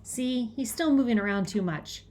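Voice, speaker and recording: A woman's voice: on the high side, moderate pace, a little mellow, natural voice. A woman doing a bossy young boy. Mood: explaining. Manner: urgent, commanding.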